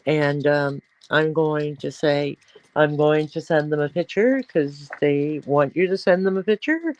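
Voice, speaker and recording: A woman's voice: sits low, unhurried, a little mellow, highs cut off. A middle-aged woman hosting a casual livestream, chatting in a rambling way and cooing at her pets. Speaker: livestream host.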